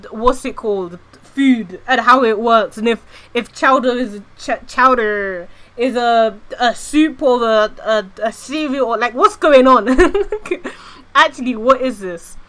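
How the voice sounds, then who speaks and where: Woman, VTuber streamer, rambly and giggly, casual swearing, bright crisp tone, chatty livestream delivery. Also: fairly high pitch, expressive, measured pace, hardly any pauses.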